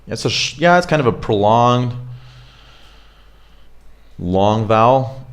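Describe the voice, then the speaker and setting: A man, coaching pronunciation in a relaxed, chatty way. He models words slowly one by one and keeps asking "right?" to check that his listeners follow. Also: lowish voice. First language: Russian. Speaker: accent coach. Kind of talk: casual pronunciation lesson.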